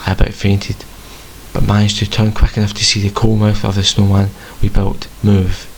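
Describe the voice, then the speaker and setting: A man tells a first-person story in a plain, measured reading. His voice is low and carries a gravelly rasp. Faint hiss sits behind him. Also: monotone, low-quality recording.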